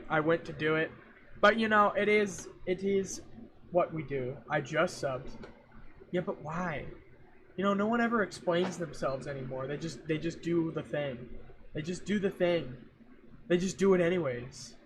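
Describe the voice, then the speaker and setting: A young streamer with a slightly high, fairly bright voice rambles and cracks jokes at normal speed, talking to his chat and to himself while he gets his audio set up. His home mic catches the faint sound of a fan running in the background.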